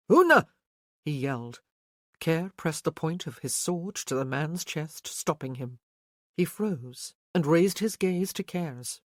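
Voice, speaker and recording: Audiobook narrator, scripted narration, measured, even, middle pitch, dry close recording. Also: no echo.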